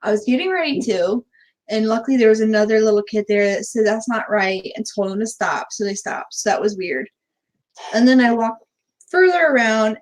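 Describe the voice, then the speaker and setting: A woman's voice: on the high side, poor audio. A woman from central Florida co-hosting a casual live chat, telling stories with frequent laughter. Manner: chatty storyteller, laughs often. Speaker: co-host of a live chat stream.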